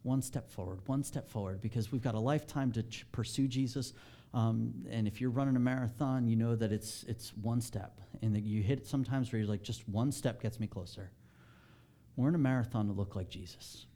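Mellow-voiced pastor preaching animatedly. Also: male voice, brisk. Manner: animated, rising in pitch and volume when stressing a point. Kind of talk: sermon.

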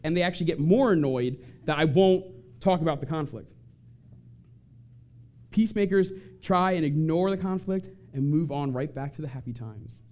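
Man with a mellow, dark voice. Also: on the high side, moderate pace. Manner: animated, acts out quoted voices. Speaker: speaker on family conflict. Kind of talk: talk to an audience.

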